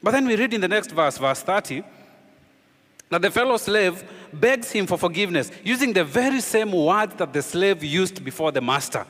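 A man preaching a sermon as pastor, emphatic, with rhetorical questions, often sinking low and quiet to drive a point home. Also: expressive, normal speed, big-room sound.

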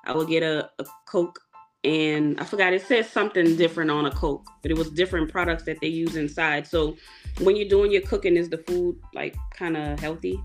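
An American woman hosts a casual podcast interview, with a somewhat low voice. She asks friendly, curious questions in an easy conversational way. Faint music sits under her voice. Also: steady tone, fairly quick. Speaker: podcast host.

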